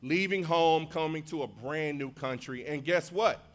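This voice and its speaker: Guy principal hyping up the grads, kinda high voice, gets loud then soft, gets the crowd chanting back. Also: unhurried. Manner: animated, rousing delivery with big swings in loudness; leads crowd call-and-response. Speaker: school principal. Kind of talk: graduation ceremony speech.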